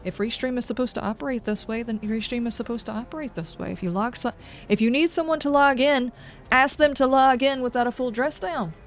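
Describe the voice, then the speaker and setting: A woman's voice: fairly high pitch, a little fast, soft background music. A woman game streamer chatting casually on a livestream, ranting in exasperation with sarcastic asides.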